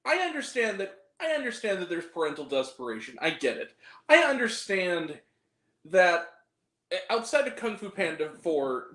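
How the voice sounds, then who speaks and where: A man's voice: high voice, a bit bright, roomy sound, low-quality recording. A man giving a ranting movie review, exasperated and profane, with self-deprecating asides. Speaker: film reviewer.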